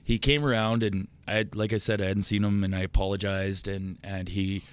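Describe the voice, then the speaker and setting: A man, a podcast guest telling profane, animated stories in casual chat. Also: fairly low pitch, fairly quick, clean tone. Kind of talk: casual storytelling.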